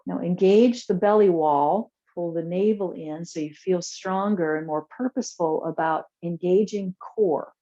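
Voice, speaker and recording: A woman teaching a chair yoga class, giving calm, soothing spoken guidance through breath and poses. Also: on the low side, measured pace, hardly any pauses, dull audio.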